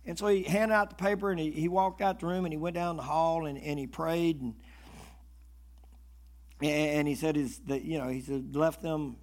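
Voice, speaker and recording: A male preacher telling stories in a sermon, animated and swinging between loud and hushed, often stammering and repeating words. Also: fairly high pitch, normal speed. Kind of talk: sermon storytelling.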